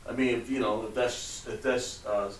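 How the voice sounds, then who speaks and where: During classroom instruction, a man with a mid-range voice and fairly even intonation talks at a moderate pace, patiently drawing answers from students and trailing off at the board. The mic is distant and roomy, with background noise.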